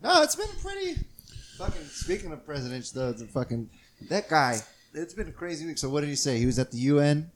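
A man's voice: on the high side, very animated, a little fast, slight background noise. A man co-hosting a casual podcast, talking loosely, swearing and joking. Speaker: podcast co-host.

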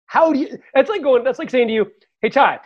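A podcast co-host in casual political chat, profane and animated, joking through exaggerated scenarios. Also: high voice, quick pace, muffled recording. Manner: profane, animated, jokey, breaks into mock voices and laughter.

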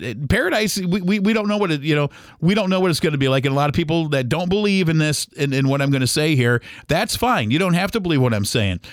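Male podcast host, mid pitch, dry sound, sincere and rambling delivery. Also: no room sound. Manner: rambling, earnest, many fillers and restarts; speaks of faith gently and sincerely. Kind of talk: heartfelt casual monologue.

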